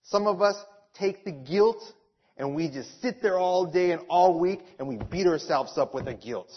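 A man's voice: a little high, moderate pace, breathy edge. Man preaching a sermon, lo-fi. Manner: animated storytelling, repeats key phrases. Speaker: pastor. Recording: dull lo-fi sound.

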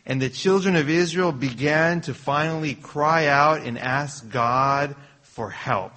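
A man preaching a sermon to a congregation, slow and emphatic, asking his listeners questions. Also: medium pitch, a bit bright. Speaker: pastor.

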